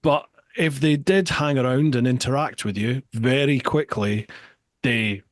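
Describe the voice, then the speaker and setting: A Scottish man hosts a relaxed podcast conversation and tells his stories with lively energy, often repeating his words for emphasis. His voice sits in a middle range and is recorded close on the mic, so it sounds very dry and free of room echo. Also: medium pitch, measured pace. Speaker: podcast host. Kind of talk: casual podcast chat.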